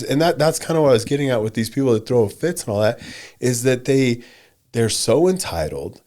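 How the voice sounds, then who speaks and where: A man's voice: mid-range voice, very animated. A man co-hosting a marriage podcast, talking emphatically in casual chat with his wife and repeating short blunt commands. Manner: softens and slows when speaking to his wife. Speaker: podcast co-host.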